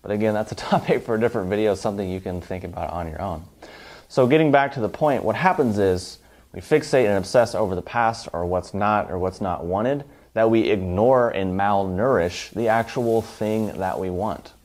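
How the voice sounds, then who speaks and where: Low voiced guy doing a self help talk, emphatic, lists stuff on and on. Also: moderate pace, a little mellow. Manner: emphatic, piles up long lists. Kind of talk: motivational talk.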